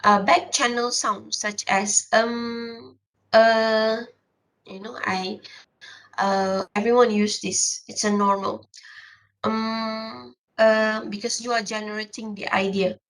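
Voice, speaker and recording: A woman giving a classroom lecture, explaining step by step with many filler pauses and restarts. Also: a little high, fairly even intonation, fairly bright tone, poor audio.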